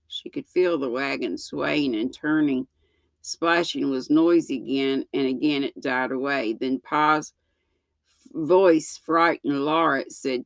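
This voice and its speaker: A woman in her sixties reading a children's book aloud, slow and gentle, with small slips that she corrects. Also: a bass voice, gravelly, dry recording. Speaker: storyteller.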